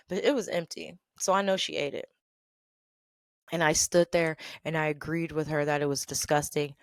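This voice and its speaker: A woman's voice: low voice, brisk, dry recording. A woman telling work stories in a sassy, emphatic, casual way, often laughing and checking in with "okay?". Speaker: storytelling vlogger. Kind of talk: animated casual storytelling.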